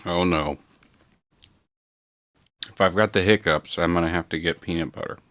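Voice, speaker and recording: A man's voice: sits low, steady tone, normal speed, fairly bright tone. A man casually chatting with viewers on a livestream from his home studio, rambling and laid-back, swearing now and then as he reads the chat aloud. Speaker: livestream host.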